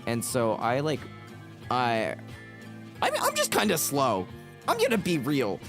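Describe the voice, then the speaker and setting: Over background music, a medium-pitched man rambles through a casual livestream chat at a measured pace. His pitch swings hugely as he jokes about himself and keeps restarting his sentences.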